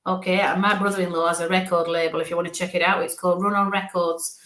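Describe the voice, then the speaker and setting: A woman's voice: lowish voice, little pitch movement. A woman, a psychic medium giving a live-streamed reading in an affectionate, reassuring, chatty way. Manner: warm, affectionate, talks in quick asides. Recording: echoey room.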